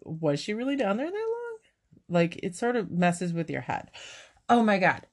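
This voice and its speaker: A woman's voice: medium pitch, moderate pace. A woman chats casually about a film with a co-host. She swears freely and laughs a lot, and her voice sits in a middle register. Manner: profane, animated, laughs often. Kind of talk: casual movie review chat.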